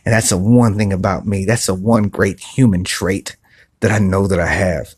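Man podcaster, husky and low, speaking softly into a phone outdoors, earnest and repetitive. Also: steady tone, normal speed, no echo, studio quality. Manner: earnest, repetitive, restarts often. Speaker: podcast host. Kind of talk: casual motivational talk. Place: outdoor patio by a pool at night.

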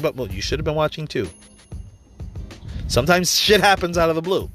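A man's voice: a little high, sing-song, fairly quick, pauses often, a bit bright, soft background music. Blunt, profane motivational man. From New York area. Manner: blunt, profane, storytelling with acted-out quotes. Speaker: motivational speaker. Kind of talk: casual motivational monologue.

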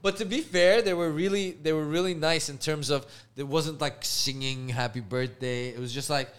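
A young man co-hosting a casual podcast chat, telling family stories with lively energy and acting out everyone's voices. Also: fairly high pitch, normal speed, clean tone. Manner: animated storyteller, acts out family members' voices. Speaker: podcast co-host.

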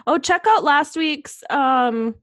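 A woman's voice: high-pitched, slow, fairly bright tone, no room sound, clean studio sound. A young woman co-hosting a casual podcast. She tells stories full of swearing and giggles, and drops her voice when she quotes other people. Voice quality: profane, giggly storytelling. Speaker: podcast co-host.

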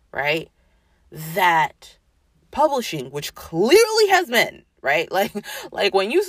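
Woman podcast host, lively swooping delivery, profane sarcastic rant, dry close mic. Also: on the low side, no echo. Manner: animated, profane, sarcastic, mock-quoting others. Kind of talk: casual ranting monologue.

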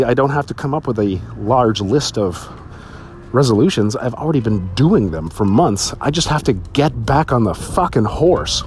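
A man telling stories on his solo podcast, swearing freely, laughing often and jumping to a high voice when excited. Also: normal speed, a little hiss or hum. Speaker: podcast host. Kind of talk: casual solo podcast storytelling.

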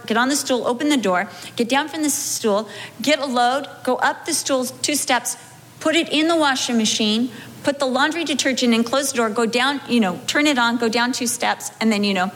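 A middle-aged pastor's wife giving a humorous personal testimony in a sermon, animated and acting out her own past reactions. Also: high-pitched, long reverb tail. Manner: animated storytelling, acting out her own wails and self-talk.

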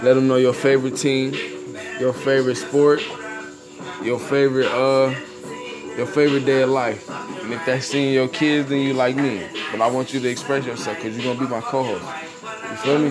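A man hosting a casual livestream chat, loud and laughing as he hypes his guest. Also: mid-range voice, level tone, normal speed. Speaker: host. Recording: music playing behind.

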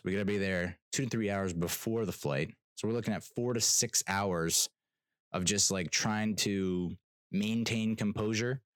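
A young man vents about a travel mishap in a loose, sarcastic storytime rant, laughing and swearing as he goes. His lowish voice swings widely in pitch. The sound is dry and close. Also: no echo. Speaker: vlogger telling a travel story. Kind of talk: casual ranting storytime.

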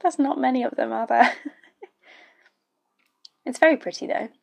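Sweary woman with a gravelly voice. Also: on the high side, moderate pace, a little mellow. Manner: blunt, sweary, chatty asides. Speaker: YouTube reaction host. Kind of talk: casual reaction commentary.

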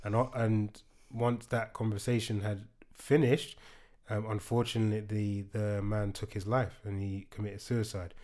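A man's voice: on the low side, level tone, moderate pace, darkish tone. A man in casual conversation, recounting a story with hesitations and fillers. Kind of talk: casual chat.

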